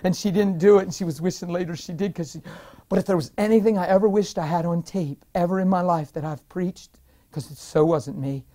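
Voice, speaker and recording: A man, a preacher, telling his testimony in an interview with emphatic, excitable storytelling. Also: sits high, fairly quick.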